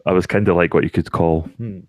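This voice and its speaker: Wry, very deep-voiced man. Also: fairly even intonation, fast, dry recording. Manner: wry, self-deprecating, rambling. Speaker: channel host. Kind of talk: casual chat.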